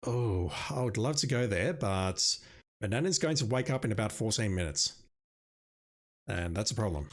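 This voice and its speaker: A man's voice: lowish voice, lively intonation, normal speed. A man playing an old adventure game and commenting with wry, self-mocking asides. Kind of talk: let's play commentary.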